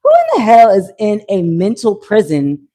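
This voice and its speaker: A woman hosting a live tarot reading, talking in an animated, slangy way with swearing and bursts of laughter. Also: mid-range voice, moderate pace. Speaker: tarot reader. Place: at home near a pool, kids heard.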